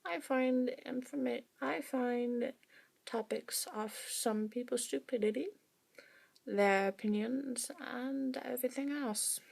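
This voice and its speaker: A woman's voice: fairly high pitch, slow pace, creaky, darkish tone. A woman vlogger talking casually to her viewers, rambling with wry asides. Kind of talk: casual monologue to camera.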